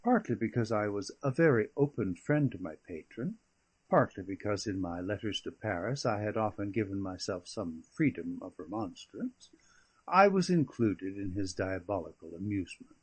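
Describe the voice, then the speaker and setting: This husky, fairly low-pitched male narrator reads a classic novel as an audiobook, measured and expressive like a storyteller. The recording carries no room sound.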